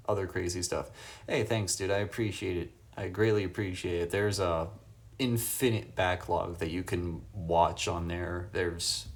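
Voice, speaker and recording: Low-voiced laid-back male livestreamer. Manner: laid-back, reads chat questions aloud and chuckles often. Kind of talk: casual livestream chat answering viewers. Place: hotel room. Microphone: phone.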